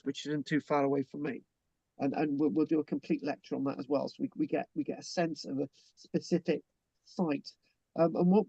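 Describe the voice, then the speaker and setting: British man hosting an online class, higher voice, chatty and jokey, dry dull call sound. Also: vocal fry, dry recording. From Britain. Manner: chatty, joking, frequent restarts. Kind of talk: informal online lecture. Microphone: video call.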